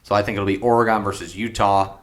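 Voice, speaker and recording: A man with a lowish voice co-hosts a sports podcast in relaxed, rambling chat. He hesitates often, with plenty of ums as he thinks aloud. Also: fast. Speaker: podcast co-host.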